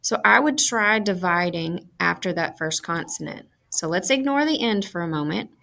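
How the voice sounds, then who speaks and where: A woman giving a scripted phonics lesson, explaining sounds slowly and clearly. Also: lowish voice, animated, pushed and bright, low-quality recording. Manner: slow, clear teaching delivery. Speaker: reading teacher.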